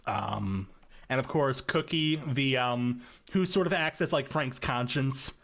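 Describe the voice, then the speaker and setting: A man's voice: medium pitch, slow, vocal fry, fairly bright tone. A young man chatting casually on a podcast, rambling through his thoughts with frequent ums and restarts. His voice sits in an ordinary middle register for a man. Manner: rambling, many fillers and restarts. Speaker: podcast guest, machinima creator.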